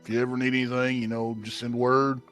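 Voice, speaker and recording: A man's voice: medium pitch, little pitch movement, quick pace, a bit bright, faint music behind, voice pushed down, close to an everyday voice. A man voicing a teasing, crude male half-orc adventurer.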